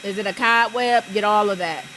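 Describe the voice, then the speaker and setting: A woman's voice: medium pitch, fairly quick, pushed and bright, slight background noise, poor audio. A woman co-hosting a podcast at home, shrieking and swearing in panic during casual chat. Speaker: podcast co-host.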